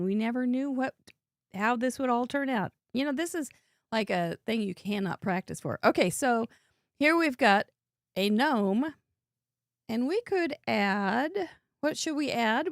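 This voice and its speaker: A woman's voice: on the high side, animated, a little slow, vocal fry, dry recording, studio quality. A woman hosting a live crafting show, chatting in a bubbly way and laughing often while she works. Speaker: host. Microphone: headset earbud.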